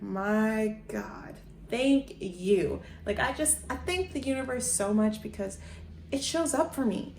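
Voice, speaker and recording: A woman's voice: medium pitch, slight background noise. Chatty woman vlogger in an echoey room. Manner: chatty, effusive, lots of "like" and "guys". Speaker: lifestyle vlogger. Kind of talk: casual chat to camera.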